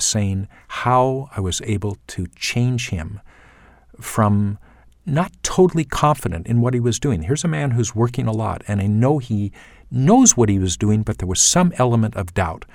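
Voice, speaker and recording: A middle-aged man coach. He talks in short phrases, pausing and restarting as he thinks. His voice sounds close and dry, with no room around it. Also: lowish voice, animated, gravelly, a little mellow, no echo. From Canada. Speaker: accent coach for actors. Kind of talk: casual spoken account.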